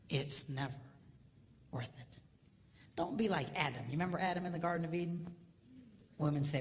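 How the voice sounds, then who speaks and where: A middle-aged man working a comedic marriage seminar, his pitch leaping and falling as he acts out little scenes and then sinks to a whisper to land a point. His voice rings out through a large hall with a long reverb tail. A faint hiss sits underneath it. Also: unhurried, long pauses. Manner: animated, acts out voices, drops to a whisper for emphasis. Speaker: seminar speaker.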